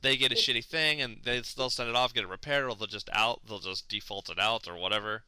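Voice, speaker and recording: A man casually telling a long comic story, acting out his own and other people's lines with big jumps in pitch, swearing freely and mocking himself. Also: fast, clear, resonant tone, no room sound. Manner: animated, acts out quotes with big pitch swings; profane, self-mocking.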